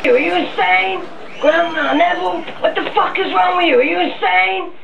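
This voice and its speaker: A man voicing a shrill, furious young woman partner on a spoof talk show, shrieking and screeching. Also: fairly even intonation, normal speed, gravelly, distant mic, lo-fi sound, background noise, full character voice. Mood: screaming.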